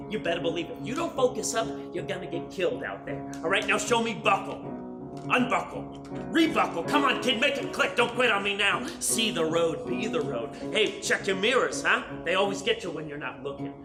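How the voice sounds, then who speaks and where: A man playing a gruff, pushy driving coach giving a pep talk on a live stage. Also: sits high, animated, brisk. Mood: barking. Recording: live stage with room echo and music.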